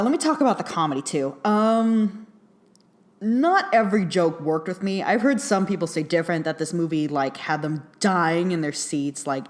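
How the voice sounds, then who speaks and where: A young adult woman giving a casual, chatty film review, full of fillers and little laughs. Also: low-pitched. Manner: chatty, rambling, many fillers and giggles.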